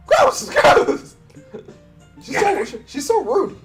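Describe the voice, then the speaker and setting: A woman voicing a hot-tempered, prickly schoolgirl, reading a visual novel aloud with shrill, indignant yelling. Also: wildly swooping pitch, extremely slow, over music, exaggerated voice.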